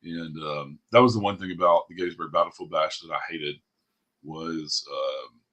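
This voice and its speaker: A man's voice: extremely low pitch, normal speed, sharp tone. A man hosting a podcast in casual chat, talking bluntly and profanely in a ranting way. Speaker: podcast host.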